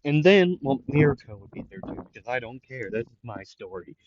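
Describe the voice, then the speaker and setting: A man's voice: mid-range voice, expressive, moderate pace, lo-fi sound, a little hiss or hum. A man improvising a fan story aloud, rambling and hesitant, with many fillers.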